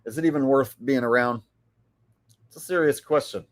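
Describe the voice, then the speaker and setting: A man's voice: mid-range voice, moderate pace. A middle-aged man giving rambling, mocking commentary on his live stream. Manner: rambling, mocking, with filler words.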